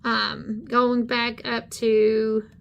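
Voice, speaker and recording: Indignant woman, a bit high. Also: level tone, gravelly, fairly bright tone, muffled recording, a little hiss or hum. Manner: indignant, halting with many fillers. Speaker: channel co-host. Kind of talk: casual commentary on screen content.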